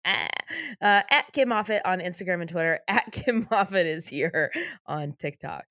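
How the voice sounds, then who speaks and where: A woman's voice: on the low side, expressive, moderate pace, sharp tone, no room sound, studio quality. A woman co-hosting a podcast, retelling episodes in a casual, laughing way. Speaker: podcast co-host. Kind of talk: casual recap chat.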